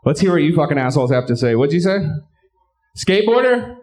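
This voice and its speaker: A man doing a live stand-up set and hosting, bantering crudely with the crowd and shouting his punchlines. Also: a little high, big pitch swings, fast talker. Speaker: stand-up comedian and show host. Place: live comedy club stage.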